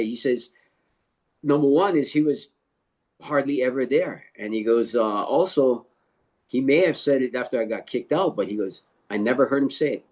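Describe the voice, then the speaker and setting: An older man, a martial arts instructor being interviewed, retelling a story in a halting way with lots of fillers and quoted dialogue. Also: medium pitch, a little mellow.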